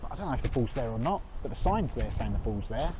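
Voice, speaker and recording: A man's voice: mid-range voice, sing-song, fast talker, background noise. A man with a chatty, self-mocking manner, talking to a handheld camera while out on a country walk. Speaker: vlogger. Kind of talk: walking vlog to camera.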